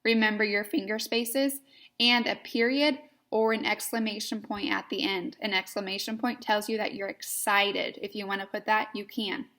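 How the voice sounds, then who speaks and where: A woman teaching young children in a slow, clear, patient way, spelling words out letter by letter in a sing-song manner. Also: medium pitch, steady tone, pushed and bright. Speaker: kindergarten teacher.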